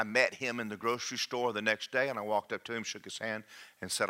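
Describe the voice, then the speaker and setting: An older man preaching a sermon, swinging between hushed asides and slow, emphatic lines. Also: fairly low pitch, steady tone. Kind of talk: sermon with personal testimony.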